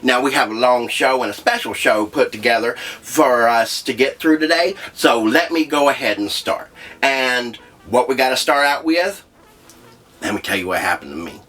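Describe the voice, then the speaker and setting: A man's voice: mid-range voice, animated, normal speed, sharp tone. Brash, profane male comedy host. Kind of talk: comedic monologue.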